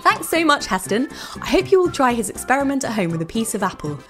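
A woman hosting a children's podcast, reading a scripted narration in a bright, enthusiastic storytelling way. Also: on the high side, sing-song, fast, over music. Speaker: host.

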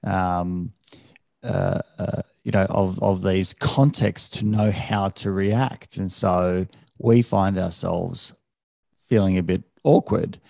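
Man, podcast host, mellow gravelly voice, thoughtful, hesitant. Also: low-pitched, fairly even intonation, slow pace, dry recording, studio quality. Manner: thoughtful, many restarts and hesitations. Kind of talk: reflective conversational interviewing.

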